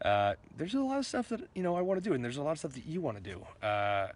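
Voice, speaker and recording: A man's voice: fairly high pitch, sing-song, quick pace. A man from Florida talking to camera in a casual vlog, rambling and joking at himself. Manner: rambling, self-mocking, laughs between thoughts. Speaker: vlogger.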